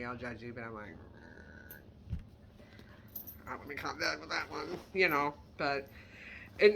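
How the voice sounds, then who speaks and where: Bright, chatty woman showing off handbags. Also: low-pitched, slight background noise. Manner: chatty, candid and self-deprecating, with asides. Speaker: online handbag reseller. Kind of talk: casual product showcase vlog.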